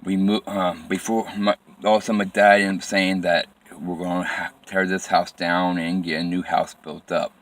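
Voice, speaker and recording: A man telling a personal story from his life in plain, halting phrases with frequent restarts and repetition. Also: low-pitched, flat delivery.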